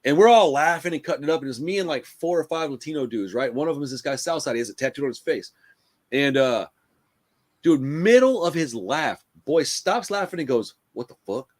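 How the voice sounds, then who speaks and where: A man hosts a loose, casual podcast chat. He tells his stories in a profane, animated way, and he leans on "bro" and "dude" constantly. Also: on the high side, fairly quick. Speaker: podcast host.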